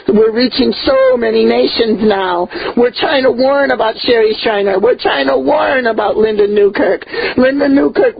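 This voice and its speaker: A woman preaches a fiery sermon of rebuke, her fairly high voice husky and breaking with tears as she repeats words for emphasis. The recording sounds dull and lo-fi. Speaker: prophet and ministry leader.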